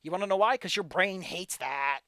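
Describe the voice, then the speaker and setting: A man streaming a game, giving casual, animated commentary and ranting with frequent swearing. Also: sits high, moderate pace, smooth. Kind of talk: casual let's-play commentary.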